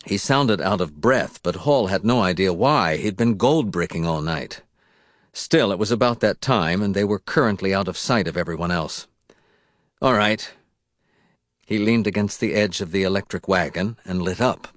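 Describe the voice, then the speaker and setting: A man narrating an audiobook in a measured, deliberate reading. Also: low-pitched, animated, no room sound, studio quality.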